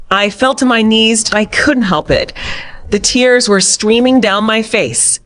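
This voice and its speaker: A woman narrating a scripted first-person drama story in a steady storytelling manner. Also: on the high side, measured pace.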